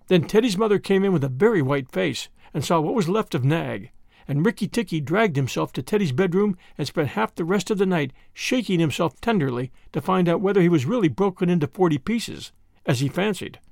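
A man reads a classic tale aloud with dramatic, expressive energy. His voice sits high and swoops a lot, with a gravelly edge. The recording is close and dry, with no room sound. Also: a little fast, dry recording. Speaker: narrator. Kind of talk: storybook narration.

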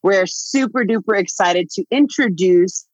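A woman's voice: mid-range voice, measured pace, a little mellow, dry recording. Bubbly woman podcast host. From United States. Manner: bubbly, playful, laughing. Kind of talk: casual podcast chat. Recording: dull, dry lo-fi sound.

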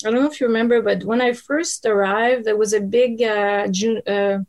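A middle-aged woman from Quebec, a native French speaker with a Québécois accent, reminiscing in conversation and often pausing to search for words. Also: a little high, steady tone, darkish tone. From Quebec, Canada.

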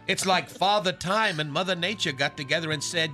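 A man's voice: fairly high pitch, fairly quick, sharp tone. A male radio host delivering a mock-dramatic, snarky roast, chuckling through his lines. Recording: music bed behind.

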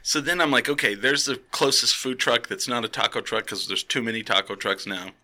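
A man's voice: medium pitch, brisk. A man co-hosting a casual chat, telling profane stories with laughter. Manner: animated, profane, laughing storyteller. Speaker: co-host.

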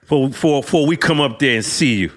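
A man's voice: medium pitch, fast. A man co-hosting a podcast in casual banter, chiming in and egging on the host. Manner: chimes in, laughs, eggs the host on.

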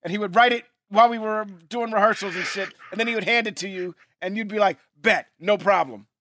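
A man chatting casually on a podcast in a laid-back, slangy way, often trailing off quietly. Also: sits high, fairly even intonation, fast talker, dry recording. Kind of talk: casual chat.

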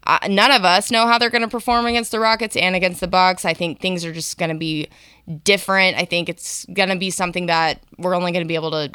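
Bright-toned woman in lively sports chat. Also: on the low side, quick pace, clear, resonant tone, no echo. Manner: chatty, hedging with fillers. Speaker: sports podcast co-host.

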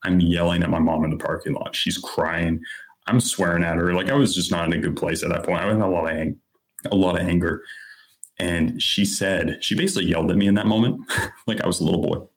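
A man in his thirties with a deep, low-pitched voice, sharing his own story as a guest on a podcast. He talks in an earnest, candid, conversational way, peppered with casual fillers. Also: fairly even intonation, a little fast. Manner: earnest, candid, lots of "like" and "you know".

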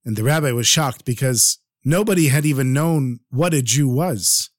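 Lively male storyteller, dry sound. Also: medium pitch, normal speed, no room sound. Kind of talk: spoken story narration.

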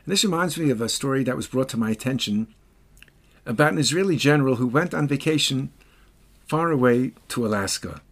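A man's voice: medium pitch, animated, brisk. A man hosting a commentary show, telling a story in an emphatic, dramatic way. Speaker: podcast host.

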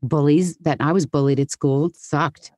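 A middle-aged woman voice actor talking in a casual interview, animated and quick to break into voices. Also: deep voice, no echo, studio quality. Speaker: guest voice actor.

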